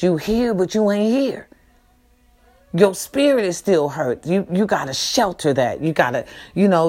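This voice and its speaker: Low-voiced woman, talking straight to her viewers, swears a lot, goes from loud and lively to slow and quiet. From California. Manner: animated and swearing at first, then slow and subdued while grieving. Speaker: host. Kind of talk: casual monologue to viewers.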